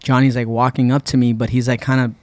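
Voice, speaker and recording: In the podcast studio, a Puerto Rican guest with a medium-pitched voice talks fast, and the sound has no echo. He casually spins out a long tale, retelling what happened and acting out people's words.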